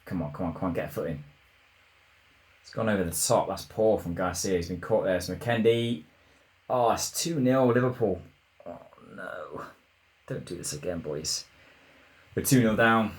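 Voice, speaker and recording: A man with a lowish voice commentates on his football management game as he plays. He mutters when things go wrong and bursts into shouts when his side scores. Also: moderate pace. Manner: excitable, shouts at goals, mutters when frustrated. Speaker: gaming YouTuber.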